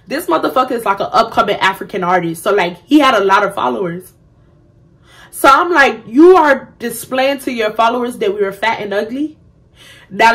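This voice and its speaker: A young woman vlogger telling a storytime, blunt and profane, animated as she acts out what others said. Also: fairly high pitch, gravelly. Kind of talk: storytime vlog.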